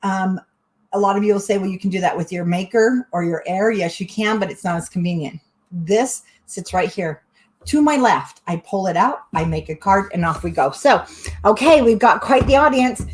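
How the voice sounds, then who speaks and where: A middle-aged woman hosting a live crafting stream, chatty, excitable and often breaking into giggles. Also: mid-range voice, normal speed. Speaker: crafting channel host.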